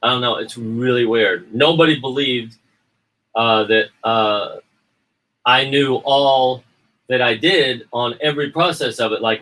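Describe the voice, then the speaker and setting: Chatty indie filmmaker, man, rambles and restarts, bright tone. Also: medium pitch, distant mic, low-quality recording. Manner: rambling, repeats words, acts out quotes. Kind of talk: casual livestream chat.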